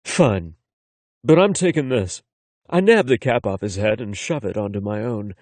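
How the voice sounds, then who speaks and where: A man narrating a first-person romance audiobook in an expressive, conversational way. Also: on the low side, no room sound.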